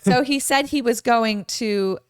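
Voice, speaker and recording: A young woman co-hosting a podcast, chatting casually and retelling her story with lively, animated quoting. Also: on the high side, measured pace, clear, resonant tone, no echo, studio quality. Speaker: podcast co-host. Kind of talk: casual chat.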